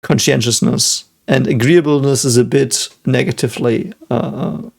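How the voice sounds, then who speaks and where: A man with a gravelly, creaky voice gives casual reaction commentary. He muses out loud in a reflective, analytical way. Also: medium pitch, fairly even intonation, unhurried. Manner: reflective, thinking aloud, analytical. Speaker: physicist reacting to an anime episode.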